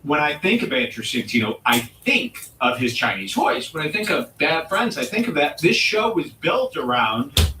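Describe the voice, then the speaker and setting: A man hosting a comedy show and delivering a provocative, mock-serious rant with dramatic pauses. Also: fairly high pitch, sing-song, sharp tone, a little hiss or hum. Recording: roomy echo, distant mic.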